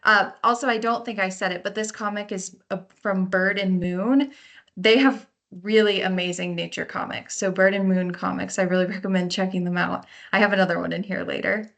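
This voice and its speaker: A woman's voice: mid-range voice, fairly even intonation, fairly quick, gravelly, a bit bright. A woman park naturalist giving a lecture on learning birds by their sounds, explaining in a friendly way and sometimes imitating calls. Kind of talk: lecture on birding by ear.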